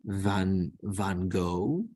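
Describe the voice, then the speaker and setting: Slow, low-voiced male teacher. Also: mellow, no room sound. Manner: slow, repeats each word to model pronunciation. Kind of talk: screen-recorded lesson.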